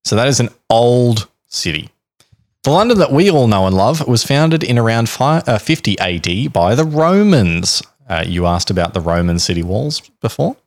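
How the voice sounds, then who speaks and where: A man's voice: mid-range voice, very animated, moderate pace. A man hosting a podcast, telling a history story in a casual, joking, rambling way. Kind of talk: casual chat.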